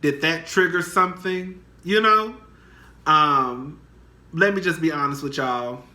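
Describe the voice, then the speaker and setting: A man's voice: measured pace, pushed and bright. A young man vlogging casual gossip, dramatic and chatty, profane, calling his viewers girl. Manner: dramatic and chatty, swinging high and low. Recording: echoey room.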